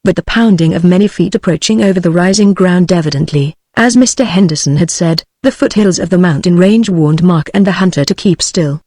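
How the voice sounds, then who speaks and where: A woman's voice: lowish voice, brisk, few pauses, mellow, no room sound, studio quality. Synthetic British woman reading a novel. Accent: British English. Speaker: narrator. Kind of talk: text-to-speech audiobook narration.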